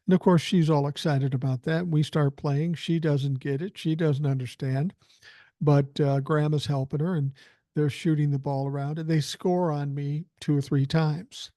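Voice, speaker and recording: A man's voice: on the high side, fairly even intonation, moderate pace, mellow, dry recording, clean studio sound. A man in his sixties hosting a podcast, telling a rambling, chatty story with filler words while feeling unwell. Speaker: podcast host. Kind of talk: casual storytelling.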